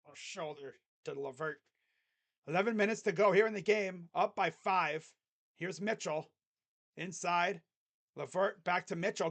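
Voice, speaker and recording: A fan streamer calling a basketball game live, play-by-play style, mixing excited calls with sarcastic jokes and quiet mutters. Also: mid-range voice, measured pace, vocal fry. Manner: joking, sarcastic asides. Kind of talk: casual live play-by-play reaction.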